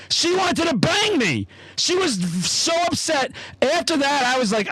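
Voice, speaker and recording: Host, male, 30s, high voice, dry close sound, swears freely while telling stories. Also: normal speed, no room sound, low-quality recording. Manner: profane, animated storyteller. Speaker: podcast host. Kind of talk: casual chat, storytelling.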